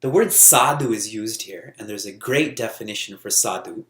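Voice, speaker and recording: A man giving a spiritual talk as a teacher, lively and often laughing as he tells stories. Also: on the low side, moderate pace, reverberant.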